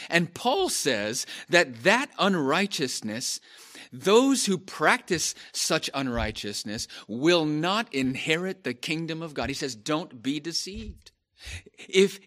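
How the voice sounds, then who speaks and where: Male pastor, sermon delivery, slightly high voice, slow and emphatic with repetition. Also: fairly bright tone. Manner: slow, emphatic preaching with repeated phrases and rising emphasis. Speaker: preacher.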